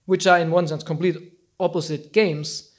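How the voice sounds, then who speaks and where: A man giving an informal storytelling talk as a teacher, animated and acting out quotes with frequent laughs. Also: a little high, moderate pace.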